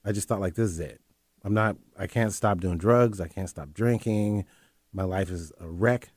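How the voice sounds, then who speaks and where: Deep dark-voiced man telling his story. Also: moderate pace, no room sound, studio quality. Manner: earnest, candid, repeats phrases. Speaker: interview guest.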